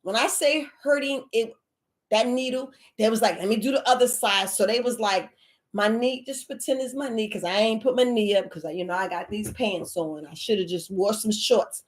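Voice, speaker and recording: Hosting a live Q&A, a woman with a slightly high voice speaks at normal speed. She recounts a personal story in a casual yet dramatic, animated way, acting out the reactions she quotes.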